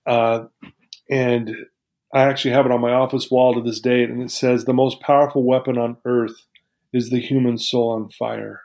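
A man's voice: medium pitch, little pitch movement, moderate pace, darkish tone. A man as an interview guest, telling a personal story in an earnest, heartfelt, reflective way.

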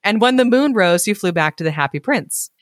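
A woman's voice: mid-range voice, lively intonation, fairly quick, no echo, clean studio sound. A woman hosting a podcast reading a story aloud, breaking off for joking, casual asides.

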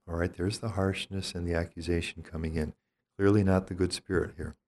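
This is an older male priest giving spiritual teaching in a calm, reflective way. His voice sits very low and deep. He talks gently and thoughtfully, measuring each phrase and often pausing mid-thought.

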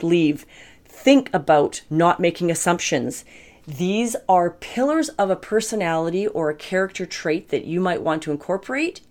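A middle-aged woman giving a casual motivational talk to camera, candid and chatty, laughing often as she goes. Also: lowish voice. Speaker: self-help vlogger.

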